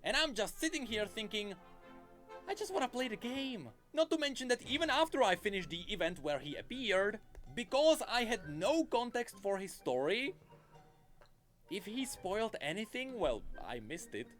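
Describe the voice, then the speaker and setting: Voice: mid-range voice, big pitch swings, normal speed, a bit bright, soft background music. A video essayist giving opinionated, emphatic commentary from a script.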